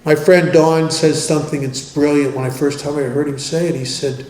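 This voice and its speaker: A man's voice: on the high side, fairly even intonation, moderate pace, darkish tone. Wry man speaking in a roomy hall. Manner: wry, joking, conversational storytelling. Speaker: recovery workshop speaker. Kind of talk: twelve-step workshop talk. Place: meeting hall. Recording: roomy hall with faint noise.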